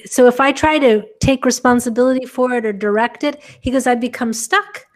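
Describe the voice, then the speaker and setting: A woman's voice: fairly high pitch, fairly quick. A woman on a group video call, explaining earnestly and often restarting her sentences. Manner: earnest, explaining, repeats herself. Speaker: webinar participant. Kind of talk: casual group video chat.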